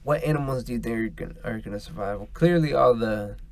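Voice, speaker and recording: A man's voice: mid-range voice, fast talker, vocal fry. Rambling, cursing male podcaster. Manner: rambling, profane, meandering. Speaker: podcast host. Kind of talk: casual solo podcast monologue.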